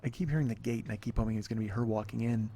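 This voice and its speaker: A man's voice: on the low side, fairly even intonation, very fast, warm tone. A man hosting a solo podcast outdoors by an apartment pool, frustrated and swearing as he rambles. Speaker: podcast host. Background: wind and planes overhead.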